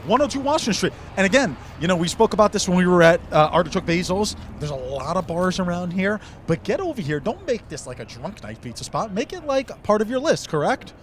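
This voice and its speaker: Male vlog host, slightly high voice, very bouncy delivery, teasing and upbeat, recorded outside on the street. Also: sing-song, brisk, hardly any pauses, slight background noise. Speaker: food show host. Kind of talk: on-the-street food vlog hosting. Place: outdoors on city streets.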